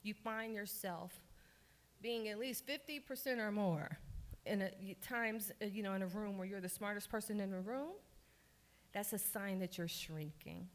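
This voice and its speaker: Energetic woman, interactive workshop talk, crowd hype, conference room. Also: mid-range voice, moderate pace. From Baltimore, Maryland. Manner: lively, hypes the audience with calls for applause. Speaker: workshop speaker.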